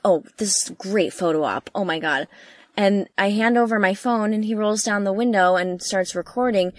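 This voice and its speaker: Young woman in a camper van telling a road trip story, chatty and excitable, dry close sound. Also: moderate pace, no echo. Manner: animated, lots of fillers, jumps high when quoting herself. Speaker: travel vlogger. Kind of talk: casual storytelling chat. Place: inside a parked camper van.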